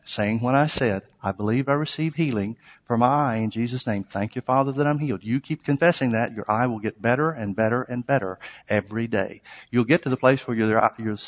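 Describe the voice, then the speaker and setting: Male preacher in an echoey hall. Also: mid-range voice. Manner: conversational, anecdotal, building to emphatic exhortation. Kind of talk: sermon with storytelling. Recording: long hall reverb.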